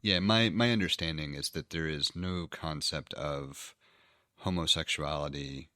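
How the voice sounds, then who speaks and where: Very deep-voiced podcast co-host. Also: male voice, bright, forceful tone, no echo, clean studio sound. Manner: measured, careful phrasing. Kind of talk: casual chat.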